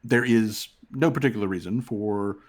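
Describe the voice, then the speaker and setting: A man voicing a courteous male city official in a tabletop game, speaking slowly and formally with filler pauses. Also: on the low side, close to an everyday voice. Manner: slow, formal, hesitant with fillers.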